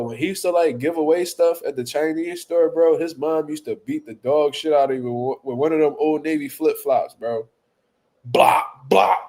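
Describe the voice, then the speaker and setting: A male boxing talk show host spins profane comic stories in a loose, animated way, repeating himself and laughing. His voice sits a touch higher than most men's. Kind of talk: casual comedic storytelling.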